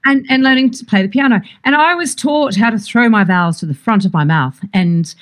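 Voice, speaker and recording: A woman's voice: on the high side, expressive, fairly quick, few pauses. An Australian woman co-hosting a podcast in casual chat, rambling through anecdotes and laughing often. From Sydney, Australia. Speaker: podcast co-host.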